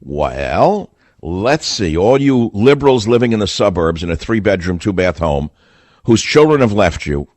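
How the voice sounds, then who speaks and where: A man's voice: lowish voice, very animated, a little slow, a little mellow, no room sound. A man hosting a talk radio monologue, combative and sarcastic, speaking with heavy emphasis into a close studio mic. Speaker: radio talk show host.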